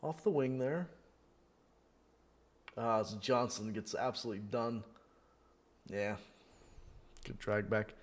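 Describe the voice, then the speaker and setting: A man's voice: fairly low pitch, slow pace, long pauses. A man hosting a fan watchalong, chatting casually through a live match and thinking aloud with many fillers. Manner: bursts into loud disbelieving shouts at goals.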